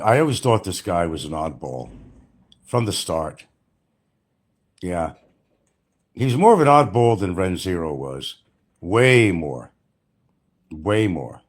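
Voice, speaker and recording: A retired older man rambles on a casual livestream, speaking bluntly and profanely, ridiculing people and laughing often. His fairly low voice swings widely in pitch, and he takes his time, leaving long pauses.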